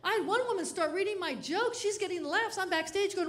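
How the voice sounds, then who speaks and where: A woman comedian giving a keynote speech. She tells animated stories and laughs between lines. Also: extremely high pitch, quick pace.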